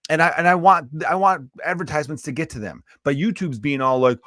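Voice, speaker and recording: A man's voice: on the high side, lively intonation, a little fast, fairly bright tone, no room sound, clean studio sound. A man hosting his own podcast, a stand-up comedian ranting casually and bluntly, swearing freely, with a lingering cough. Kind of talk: casual profane rant.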